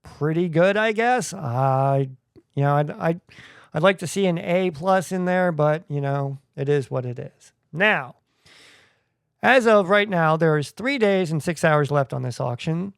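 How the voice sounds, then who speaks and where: A man hosting a podcast in a chatty, joking way. His voice sits a little high and comes across smooth and clear. The sound is dry and close, with no room echo. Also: animated, unhurried. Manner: chatty, jokey asides. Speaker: podcast host. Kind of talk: casual podcast talk.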